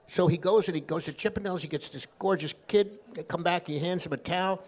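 A man, guest actor on a live show, telling jokes and anecdotes in an animated way. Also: high-pitched, fast, hardly any pauses. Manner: animated storyteller who slips into voices.

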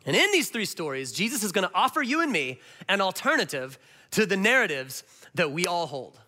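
High-voiced animated preacher man. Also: fairly quick. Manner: animated, swings between loud and hushed. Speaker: pastor. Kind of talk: sermon.

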